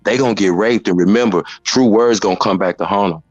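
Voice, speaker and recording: A man's voice: on the low side, quick pace, dry recording, highs cut off, faint music behind. A man hosting a casual commentary chat, blunt and rambling as he explains things at length. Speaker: commentary host.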